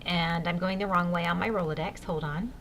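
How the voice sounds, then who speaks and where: A woman's voice: fairly low pitch, steady tone, a little fast, a bit bright, a little hiss or hum. A woman leading a sales training session for new consultants, upbeat and coaching, speaking straight to her listeners. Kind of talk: enthusiastic sales training talk.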